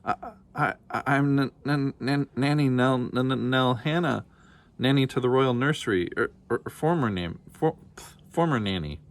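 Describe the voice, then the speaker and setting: A man's voice: expressive, normal speed, vocal fry. A man voicing a timid old woman, a fired nanny who stammers and frets in a raised, quavering voice. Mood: frightened. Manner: stammering, high and fretful.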